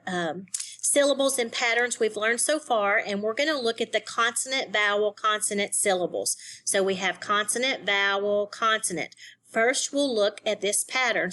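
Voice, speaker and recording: A woman leads a recorded phonics lesson for young students. She talks at a slow, careful pace and breaks each word into syllables and single letters. Her voice sits in a middle pitch. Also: a bit bright. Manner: slow, deliberate, spells words letter by letter. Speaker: teacher.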